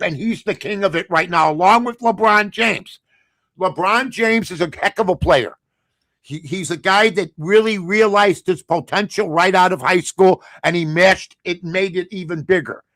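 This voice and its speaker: A sports talk show host delivers a blunt, sarcastic, opinionated rant, lurching between low mutters and loud outbursts. The recording is dry.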